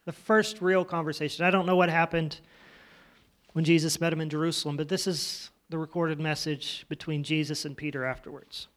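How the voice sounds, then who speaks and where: A man's voice: a little high, level tone, a little fast. A man teaching a children's church class, retelling a Bible story in his own casual words and asking the kids questions. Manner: conversational, asks the children questions.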